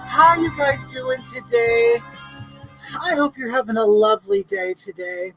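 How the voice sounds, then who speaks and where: A woman's voice: high voice, sing-song, measured pace, vocal fry, faint music behind, low-quality recording. A woman hosting a comedic live stream, chatting in a campy way and greeting viewers by name.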